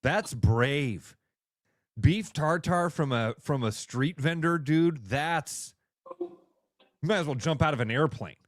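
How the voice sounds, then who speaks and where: A man's voice: a little high, slow, no room sound. Chatty male co-host, dry studio sound. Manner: chatty, agreeable, calls the host by name. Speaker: radio sports show co-host. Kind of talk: casual sports talk.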